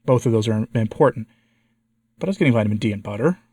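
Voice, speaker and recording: An American man with a congested and slightly hoarse voice, giving a candid personal update to his viewers and asking them for advice. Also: on the low side, expressive, fast, warm tone, no room sound. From United States. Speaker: vlogger, channel host.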